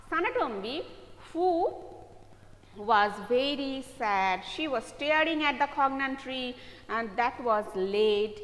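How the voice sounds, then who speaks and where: A woman teacher reading a story to her pupils and retelling each line slowly in simple words, often asking "okay?". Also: a little high, a bit bright, long reverb tail. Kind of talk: reading and explaining a story to a class.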